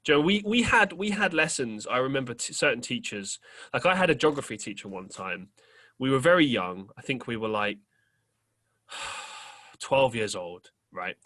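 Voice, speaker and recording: Bright-voiced young man rambling casually. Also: mid-range voice, lively intonation, normal speed. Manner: rambling storyteller, swears casually, many fillers. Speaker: podcast host. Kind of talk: casual chat.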